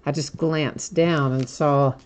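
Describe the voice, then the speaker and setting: A woman with a notably low voice hosts a live card break stream. She chats easily, teases herself and laughs often while stumbling over hard names. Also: fairly even intonation, slow. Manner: chatty and self-teasing, laughs often.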